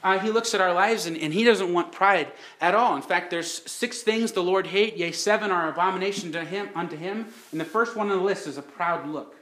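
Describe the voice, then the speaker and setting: A man's voice: high-pitched, brisk, few pauses, fairly bright tone, echoey room. A man preaching a sermon, telling the story in a folksy way with rhetorical questions.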